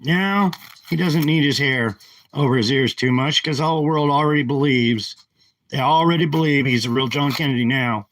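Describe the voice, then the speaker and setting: A man's voice: medium pitch, normal speed, a bit bright, no echo, rough recording. A man ranting angrily on a livestream, agitated and repetitive, talking into a handheld phone. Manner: agitated, ranting, repeats himself. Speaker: live streamer. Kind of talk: angry livestream rant.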